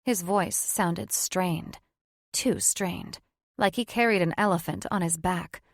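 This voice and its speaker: A woman's voice: fairly low pitch, slow, no room sound. Woman narrating a fantasy audiobook, dry. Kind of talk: scripted narration.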